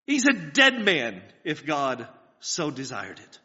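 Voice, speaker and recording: A man's voice: sits high, sing-song, a little slow, bright, forceful tone. A man preaching a sermon, earnest and building to fervent pleas, asking his listeners questions. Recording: dull lo-fi sound with long hall reverb.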